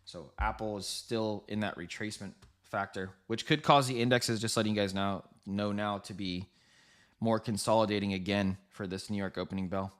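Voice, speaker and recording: A man with a fairly low, steady voice hosts a live trading stream, giving quick, rambling market commentary. He corrects himself as he goes and talks straight to his viewers.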